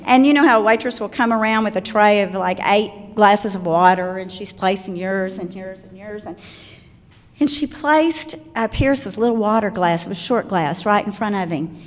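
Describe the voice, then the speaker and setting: An older Southern woman with a medium-pitched voice speaks at a moderate pace, giving parents a chatty talk about children's manners. She tells warm stories full of asides, and the recording carries a long hall reverb.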